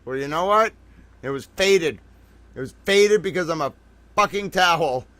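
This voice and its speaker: A man hosting a late-night livestream, tired from a long day, talking in an excitable, rambling, profane way to his viewers. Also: a little high, normal speed, no room sound. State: tired from being up all day. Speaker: livestream host.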